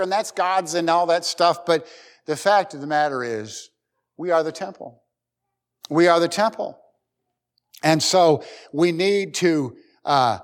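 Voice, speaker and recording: A middle-aged male pastor delivers a sermon in a folksy, joking way. His voice sits a little high for a man. It rises and drops sharply in pitch and loudness from phrase to phrase.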